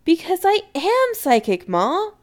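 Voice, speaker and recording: A woman voicing a flustered young man who pleads with his meddling mother, in an exasperated, animated way. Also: very high-pitched, unhurried, pitched above the performer's own voice, full character voice.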